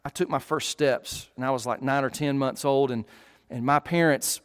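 A man in his thirties preaching a sermon, earnest and emphatic, slowing on key words and often restarting phrases. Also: medium pitch, fairly even intonation, clear, resonant tone, long reverb tail. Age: 30s. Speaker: pastor.

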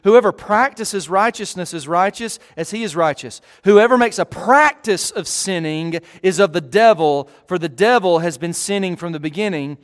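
A man in his thirties preaching a sermon, earnest and emphatic, slowing on key words and often restarting phrases. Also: high voice, long reverb tail. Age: 30s. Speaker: pastor.

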